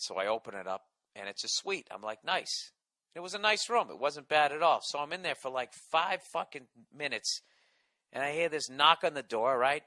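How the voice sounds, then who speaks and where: A man's voice: medium pitch, sharp tone, no room sound. A man hosting a comedy podcast, telling a story in a profane, sarcastic, exasperated rant.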